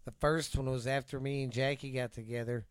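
Texan man, middle-pitched, rambling cussing storyteller on a close, dry mic. Podcast host. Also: fairly even intonation, fairly quick, clear, resonant tone, no echo. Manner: rambling storyteller, swears freely, trails off with fillers. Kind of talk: casual podcast chat.

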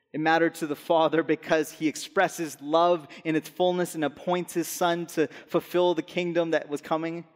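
Young male pastor, fairly high voice, earnest sermon delivery, long hall reverb. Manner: earnest, slow and soft on key phrases. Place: church hall.

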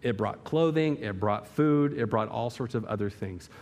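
A man's voice: medium pitch, moderate pace, a little mellow. A male pastor preaching a sermon in a church hall, emphatic and full of rhetorical questions and vivid illustration.

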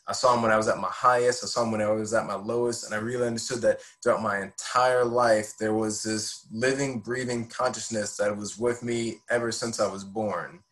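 A man's voice: medium pitch, fairly bright tone, low-quality recording. Man in his 20s, podcast guest; sincere, heartfelt telling of a personal spiritual story. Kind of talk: personal faith testimony.

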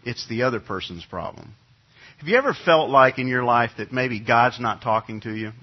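Folksy, slightly husky middle-aged pastor. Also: male voice, medium pitch, expressive, normal speed, highs cut off. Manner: conversational, folksy storytelling with many restarts. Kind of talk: sermon with personal anecdote. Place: church sanctuary.

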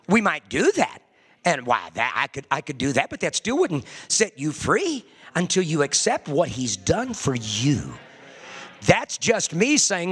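A man preaching a sermon fervently, swinging from hushed confession to ringing shouts. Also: a little high, wildly swooping pitch, unhurried, slightly rough.

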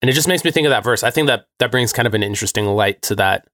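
A man's voice: medium pitch, racing, a bit bright, no room sound, studio quality. A man co-hosting a podcast, talking in an eager, chatty way with lots of fillers. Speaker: podcast co-host. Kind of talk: casual conversation.

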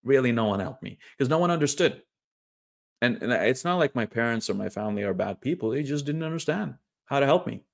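A young man talking earnestly and candidly to camera, halting and restarting as he speaks. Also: mid-range voice, lively intonation, creaky. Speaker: online creator sharing personal story. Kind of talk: candid personal monologue.

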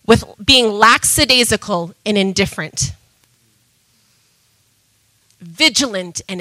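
A woman preaching a sermon with passion, going from loud emphatic calls to soft asides. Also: a little high, no room sound, rough recording.

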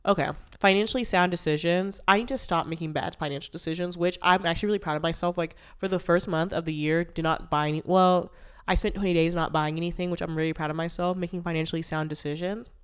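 A young woman hosts her own podcast solo, talking candidly and playfully. Her voice sits a bit low for a woman. A stuffy nose from allergies colors her speech. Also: fairly even intonation, quick pace, clean tone. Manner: chatty, candid and playful, with bursts of loud laughter and sung lines. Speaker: podcast host. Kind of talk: casual solo podcast chat.

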